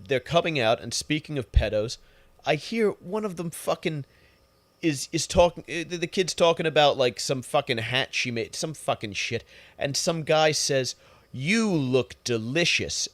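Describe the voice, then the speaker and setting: Man, young adult, podcast host, profane, sarcastic, exasperated, medium pitch, dry sound. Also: dry recording. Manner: crude, sarcastic, exasperated storytelling. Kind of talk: profane solo podcast rant.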